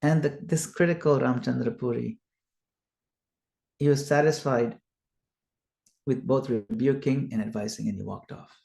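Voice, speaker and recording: A man teaching a scripture study and retelling the story as an animated storyteller who acts out the quotes. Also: mid-range voice, unhurried, vocal fry, long pauses. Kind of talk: storytelling lecture. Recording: echoey room.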